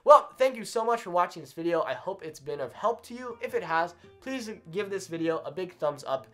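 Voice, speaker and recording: Male teacher at a whiteboard, very animated intonation, patient and repetitive, checks in with viewers. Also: high voice, faint music behind. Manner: checks in often with "okay?" and repeats examples slowly. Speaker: Spanish teacher. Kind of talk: whiteboard language lesson. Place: indoors at a whiteboard.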